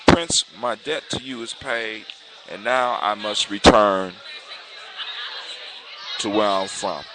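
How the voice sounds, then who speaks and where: A man voicing the hushed, solemn ghost of a grateful male ancestor in a spoken folktale. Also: fairly low pitch, fairly even intonation, slow, a crowd in the background. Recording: clear background hiss.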